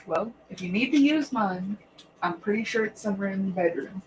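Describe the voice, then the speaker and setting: A woman's voice: mid-range voice, lively intonation, fairly quick, slight background noise, low-quality recording. Profane, giggly woman livestreaming from home. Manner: chatty, profane, laughs often. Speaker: livestream host. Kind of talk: casual livestream chat.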